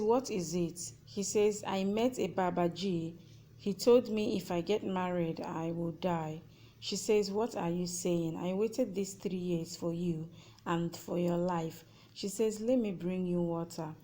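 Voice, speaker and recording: Low, mellow woman narrating a recap. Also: rough recording.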